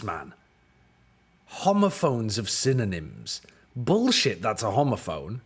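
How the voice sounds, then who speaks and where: A British man streams himself working through word puzzles, thinking aloud in an unhurried, drawn-out way. His pitch rises and falls a lot. He gets exasperated and swears when the answers annoy him. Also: huge pitch swings, slightly rough. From United Kingdom. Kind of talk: casual chat while solving word puzzles.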